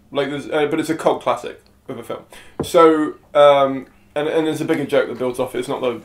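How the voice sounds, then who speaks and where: A man of middle pitch hosts a casual podcast chat, talking quickly with plenty of fillers. His voice has a roomy echo around it. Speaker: podcast host and comedian.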